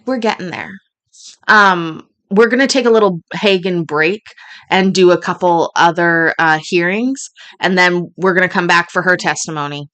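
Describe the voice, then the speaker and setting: A woman's voice: on the low side, normal speed, a bit bright. A woman hosting a casual reaction stream, laughing and swearing freely as she comments on clips. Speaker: host reacting to court clips.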